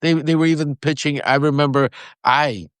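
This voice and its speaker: A male interview guest speaking in a rambling, halting way with many fillers and restarts. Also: fairly high pitch, fairly even intonation, smooth, dry recording. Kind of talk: political commentary interview.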